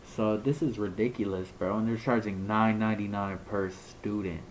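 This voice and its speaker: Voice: low voice, fairly even intonation, moderate pace, slight background noise, poor audio. A young adult creator delivering screen reaction commentary. They talk in heavy slang and rant with disbelief at what they see. Casual swearing runs all through the delivery. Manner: slangy, incredulous ranting. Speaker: video creator.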